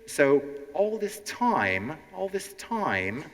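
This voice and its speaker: An animated man from Ukraine leads a live language lesson like a stand-up act, his bright voice swooping across a lively range. He talks slowly and deliberately, always checking in with the crowd. The sound carries a long reverb from a large hall. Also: a little high. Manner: animated, teacherly, keeps checking in with "okay?". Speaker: language teacher and show host. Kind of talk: live educational stand-up with audience.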